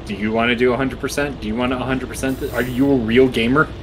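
A man's voice: mid-range voice, fairly even intonation, fast, noisy background. A man playing a co-op game with a friend, playful and teasing, breaking into squealing outbursts. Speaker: co-op gaming partner. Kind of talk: casual co-op gameplay chat.

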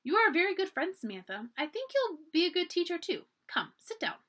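A woman reading aloud as a kind, thoughtful schoolteacher who speaks in a gentle, encouraging way. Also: extremely high pitch, big pitch swings, fairly quick, voice pushed up, heavily acted.

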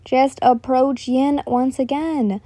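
A woman reading a story aloud, voicing a calm, level-headed young knight who speaks in a lower, steady tone. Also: takes it slowly, no echo.

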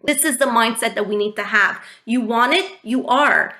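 A woman's voice: fairly high pitch, moderate pace, bright, forceful tone. A woman hosting an interview in a casual, encouraging way, with plenty of short replies of agreement. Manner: encouraging, answers with short affirmations. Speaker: podcast host. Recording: echoey room.

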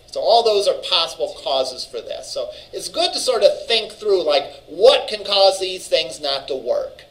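Speaking a little slowly in an animated, slightly bright high voice, a man teaches college students about databases. He keeps it conversational, asking "all right?" often and working through ideas with fillers and restarts, all on a rough recording.

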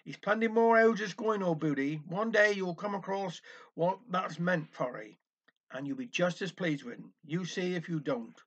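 Brief: man playing a teasing, easygoing husband, a touch lower, on a dull lo-fi recording. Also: moderate pace, a bit bright.

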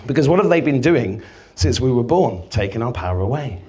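A guest speaker at an event venue gives a casual, rambling live talk before an audience, swearing freely and acting out quoted conversations. His mid-range voice swings widely in pitch and moves fairly quickly, with a slightly mellow tone and a breathy edge.

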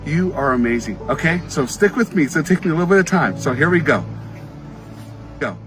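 A man's voice: fairly high pitch, lively intonation, brisk, poor audio. Heartfelt storytelling man with music behind. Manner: heartfelt, encouraging, acts out quoted lines. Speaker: motivational speaker. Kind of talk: personal storytelling talk to kids.

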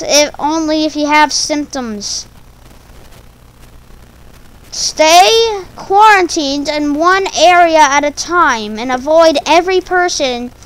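A woman with a high voice talks in an unhurried, meandering way. She stumbles over her words as she goes. Her delivery is playful and silly, like a casual monologue made for her own channel. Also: fairly bright tone, rough recording. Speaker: video creator.

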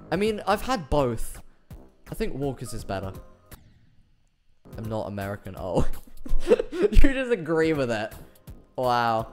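A British man chatting through a live game stream, his pitch bouncing all over as he reacts and laughs between lines. He reads messages from chat aloud in a loose, joking way. Faint music plays underneath him.

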